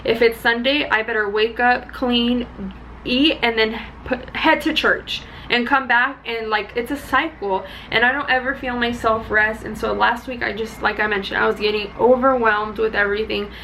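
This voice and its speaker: A young woman vlogging casually, chatty and excitable with high energy. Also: normal speed, vocal fry, slight background noise, poor audio. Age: young adult. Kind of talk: casual chat.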